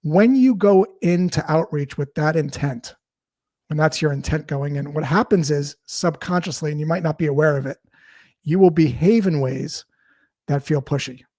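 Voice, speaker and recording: A man guest on a podcast, explaining sales ideas through lively anecdotes and acting out bits of dialogue. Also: on the high side, normal speed, dry recording, studio quality. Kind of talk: storytelling interview talk.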